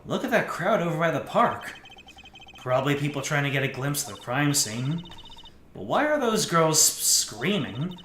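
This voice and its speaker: A man's voice: a little high, sing-song, moderate pace, a bit bright, roomy sound, slight background noise. A man streaming a game, reading its lines aloud with playful jokes. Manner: playful, joking. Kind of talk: let's play commentary, reading dialogue aloud.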